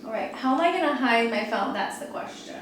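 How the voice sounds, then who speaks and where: A young woman vlogging casually at home, chatty and self-narrating, at times bursting into high excited squeals. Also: fairly quick, background noise. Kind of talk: casual vlog chat. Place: home living room with Christmas tree.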